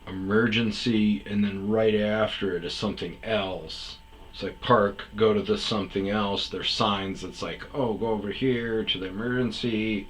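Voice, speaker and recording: A man's voice: low-pitched, fairly bright tone, slight background noise, rough recording. A man telling a long personal story in a rambling, casual way, full of fillers and quoted back-and-forth. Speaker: podcast host telling stories.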